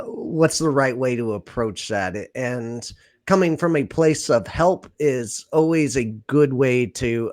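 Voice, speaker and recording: A man hosting a podcast, asking questions in a relaxed, conversational way with plenty of fillers. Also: medium pitch, dry recording, studio quality. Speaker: podcast host. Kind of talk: casual interview chat.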